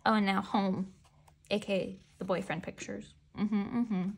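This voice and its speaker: A woman vlogger giving excitable, gushing commentary as she unboxes merchandise and talks back to the photos. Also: mid-range voice, unhurried, creaky, slightly rough.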